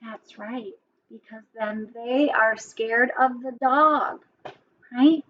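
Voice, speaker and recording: A woman teacher giving a children's lesson, speaking gently and often checking in with a question. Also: a little high, slow, muffled recording, a little hiss or hum. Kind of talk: children's lesson and storybook reading.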